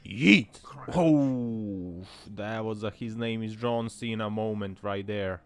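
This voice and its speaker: A man, hosting a commentary over car crash clips, laughing often and bursting into loud excited exclamations. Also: lowish voice, moderate pace. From Serbia. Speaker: host. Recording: voice-over with clear traffic noise. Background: car and road sounds from the clips.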